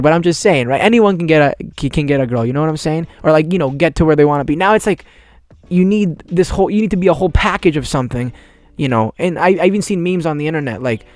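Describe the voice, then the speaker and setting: A man's voice: on the high side, no echo, clean studio sound. A man in his twenties hosting a casual solo podcast, rambling in laid-back slang with cursing. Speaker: podcast host.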